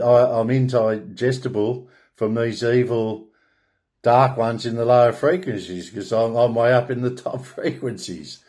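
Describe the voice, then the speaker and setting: A man with an Australian accent speaks slowly in a rambling solo monologue. He stumbles and restarts words, then swings into grand, proclaiming statements. His voice sits at an ordinary middle pitch. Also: darkish tone. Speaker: online spiritual speaker.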